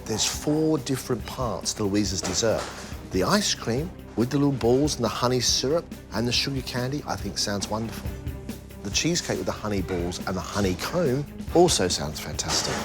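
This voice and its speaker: A man judging a cooking competition in voice-over, weighing up each dish in a measured way. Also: fairly low pitch, lively intonation, over music. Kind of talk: voice-over commentary.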